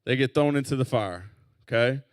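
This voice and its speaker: A man, a youth pastor, teaching a Bible story to teenagers in a relaxed, conversational way and getting them to repeat words back. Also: mid-range voice, normal speed, no room sound. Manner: casual, leads call-and-response with the group. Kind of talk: youth group Bible lesson.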